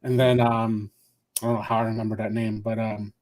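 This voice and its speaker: A man's voice: fairly low pitch, level tone, fairly quick, darkish tone. A man reminiscing in rambling casual chat as a podcast guest.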